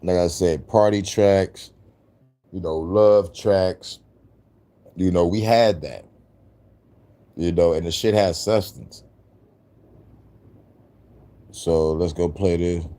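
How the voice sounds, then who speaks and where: A man's voice: sits low, steady tone, slow, long pauses, dark tone. A man, a musician, giving loose, slang-filled casual commentary to his viewers. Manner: loose, slangy, rambling talk. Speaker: musician vlogger.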